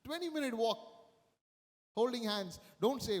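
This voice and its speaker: High-voiced priest in reverberant church. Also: male voice, expressive, normal speed. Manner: emphatic, repeats key phrases, acts out quoted lines. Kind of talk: sermon.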